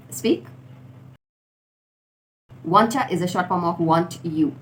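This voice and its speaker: A woman teaching informal contractions, repeating each word slowly for learners. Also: fairly low pitch, expressive, a bit bright. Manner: slow, deliberate drilling of words. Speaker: English teacher. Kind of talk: spoken English lesson for learners. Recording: faint background noise.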